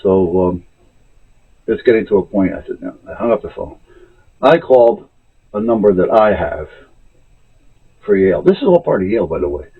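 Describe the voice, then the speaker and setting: Guy ranting about a phone call, husky, sounds like a tinny phone line. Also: lowish voice, moderate pace, pauses often. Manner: animated, exasperated retelling of a phone call. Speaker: vlogger. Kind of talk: casual storytelling rant.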